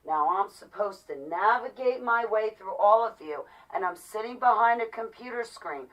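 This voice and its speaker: A woman's voice: medium pitch, expressive, normal speed, far from the mic, poor audio. A woman in her forties ranting to her viewers in an exasperated, repetitive, pleading way. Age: 40s. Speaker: vlogger. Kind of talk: heated monologue to viewers.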